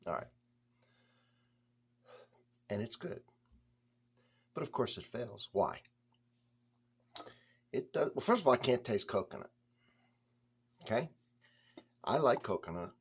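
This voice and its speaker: Low husky man reviewing beer. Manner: chatty, talks straight to the viewer, blunt verdicts. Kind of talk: casual beer review vlog.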